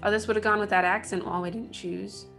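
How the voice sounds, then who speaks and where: Her voice is mid-range, steady, slightly quick, creaky and a little bright, with faint music in the background. She's a gaming channel host, likely in her thirties, casually commenting on a let's play and chatting wryly to herself while building.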